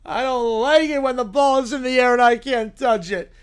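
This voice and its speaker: A man's voice: very high voice, moderate pace, clean tone. A man voicing a whiny, sulky little boy bear who complains nonstop. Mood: whining. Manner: whining, complaining.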